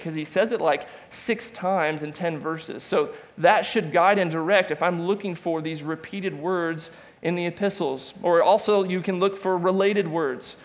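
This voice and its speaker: A man teaching a Bible study class in a conversational way, with restarts and asides. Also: a little high. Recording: long reverb of a large room.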